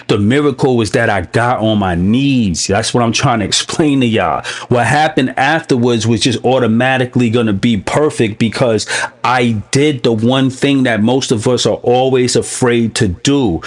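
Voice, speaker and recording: A man hosting a recovery podcast, speaking emotionally in a heartfelt, preaching way. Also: mid-range voice. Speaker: podcast host.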